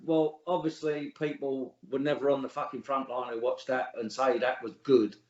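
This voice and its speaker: The voice is medium-pitched and darkish, delivered flatly at a normal speed, belonging to a middle-aged English man being interviewed casually. He swears a lot, sounds blunt and scornful, and chuckles at his own anecdotes. Expect echo and dull lo-fi sound.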